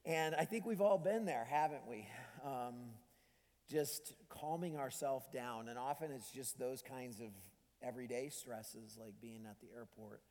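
A man's voice: mid-range voice, measured pace, a little mellow, big-room sound. A man preaching a sermon in a conversational way, with frequent ums and restarts. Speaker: pastor.

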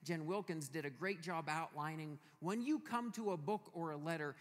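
A man's voice: on the high side, normal speed. A male pastor preaching a sermon in a church, telling stories in a playful, emphatic way. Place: church hall. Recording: reverberant church hall.

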